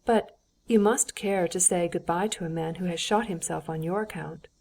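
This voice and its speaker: An ironic, affable society princess, read by a woman in an audiobook. The voice sits lowish and mellow, and she coaxes with polished charm. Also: normal speed.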